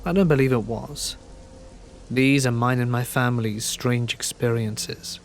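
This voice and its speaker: Guy reading scary stories, calm and steady, mid-pitched voice. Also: a little slow, faint music behind. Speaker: narrator. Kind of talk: scripted horror story narration.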